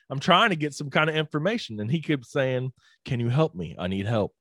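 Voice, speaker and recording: A man at a middle pitch tells a story in loose, casual chat. He leans on "like" and "dude" and swears freely. The recording is dry, with almost no room sound. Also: very animated, fairly quick, a bit bright, no echo. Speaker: podcast co-host telling a story.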